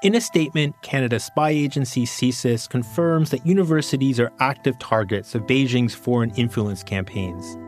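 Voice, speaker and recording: A male reporter narrating a news story in a measured, scripted way. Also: medium pitch, darkish tone, soft background music.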